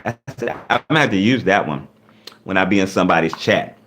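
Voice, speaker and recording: A man's voice: sits low, normal speed, slight background noise. A man hosting a casual livestream, reading out chat comments and joking back with viewers. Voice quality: lively, animated delivery. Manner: reads chat comments aloud and riffs on them; playful, laughing, teasing.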